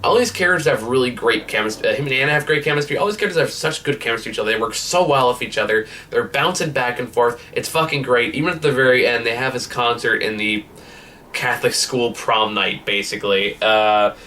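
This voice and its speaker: A man rambles through a casual movie review, swearing freely and chuckling as he retells scenes. His voice is bright and forward, at an ordinary middle pitch. The mic sits some distance from him. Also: fast, a little hiss or hum. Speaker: film reviewer.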